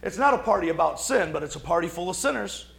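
A man's voice: sits high, expressive, quick pace, creaky, a bit bright, echoey room. A man preaching a sermon in a conversational, emphatic way. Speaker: pastor.

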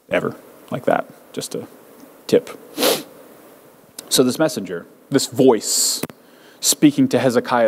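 Male pastor, higher voice, casual animated sermon delivery, in a reverberant hall. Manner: conversational, animated storytelling with frequent restarts.

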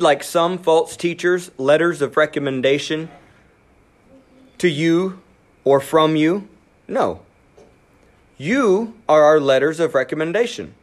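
Male pastor, sermon delivery, slightly high voice, animated, speeds up and drops to a hush. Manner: animated, acts out inner voices, quickens and drops to near whisper.

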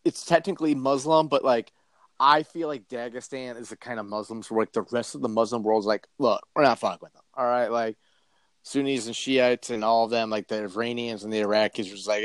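This man has a lowish voice, recorded dry. He co-hosts a podcast, chatting casually about fight news and riffing with rambling, profane humor.

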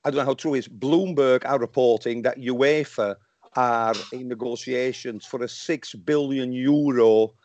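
A man on a podcast call, sounding worked up and passionate and tripping over his words now and then. His voice is mid-pitched and comes through a dry line with no room sound. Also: fairly even intonation, moderate pace, darkish tone, no room sound, muffled recording. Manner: passionate and riled up, many restarts. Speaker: podcast guest, football fan. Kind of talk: casual podcast discussion.

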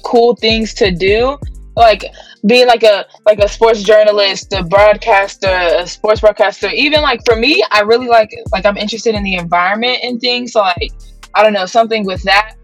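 A woman's voice: mid-range voice, normal speed, lo-fi sound, soft background music. Upbeat chatty young woman. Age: young adult. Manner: chatty, upbeat, lots of "like" fillers. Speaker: guest athlete. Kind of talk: casual interview.

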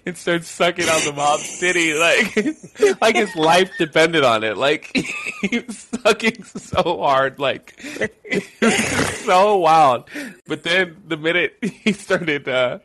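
Podcast host guy, bright lively voice, laughs a lot, swears, faint noise behind. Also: on the high side, slow. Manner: laughs often, profane, excited retelling. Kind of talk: casual podcast chat.

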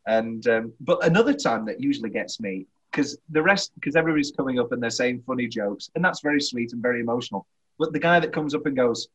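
A young man hosting a casual film chat, rambling and halting, laughing often. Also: mid-range voice, lively intonation, fairly bright tone, husky, highs cut off. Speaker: podcast host.

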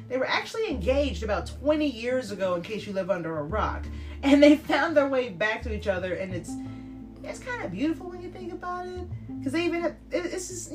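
A woman hosts a casual podcast with a blunt, swearing, easy-laughing delivery. Her voice sits a little high and swings widely in pitch. Guitar music plays clearly behind her. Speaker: podcast host.

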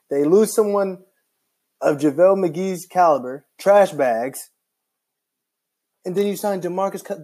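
Rambling frustrated man, warm voice. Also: on the high side. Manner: animated, rambling, heavy use of "like". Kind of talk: casual basketball rant.

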